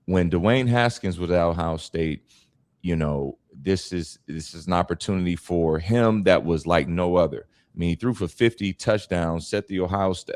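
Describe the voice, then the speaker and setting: A deep-voiced man in his forties tells stories with animated energy, acting out other people's lines as he goes. His voice sits low, and the sound is dry and close. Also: no room sound. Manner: animated storyteller, acts out quoted voices. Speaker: guest speaker and author. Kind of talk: storytelling interview answer.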